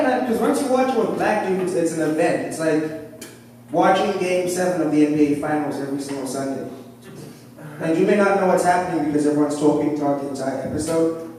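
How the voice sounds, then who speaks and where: A man from doing an animated stand-up set on a club stage, often laughing at his own jokes. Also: a little high, normal speed, pauses often, a little hiss or hum. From South Africa. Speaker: stand-up comedian. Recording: echoey club from far off.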